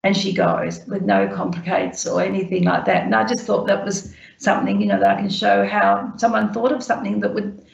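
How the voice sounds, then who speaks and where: A woman's voice: mid-range voice, animated, brisk, gravelly, few pauses. A woman on a webinar telling stories from her care work, acting out the conversations she remembers. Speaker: guest speaker sharing care experiences. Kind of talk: anecdotal storytelling on a webinar. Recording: echoey and dull video call.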